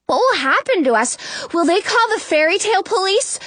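A woman narrating a children's story in first person with an expressive, anxious tone. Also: extremely high pitch, a little fast, no room sound. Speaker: audiobook narrator.

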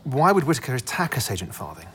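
A man's voice: mid-range voice, sing-song, fast talker, a bit bright, a little hiss or hum. An actor playing a loyal, level-headed male agent in a radio drama, speaking in a matter-of-fact way. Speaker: intelligence agent.

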